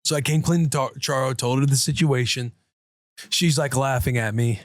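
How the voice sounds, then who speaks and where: Man, podcast host, casual rambling storyteller, mid-pitched voice, dry close sound. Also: normal speed, no echo. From United States. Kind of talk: casual chat.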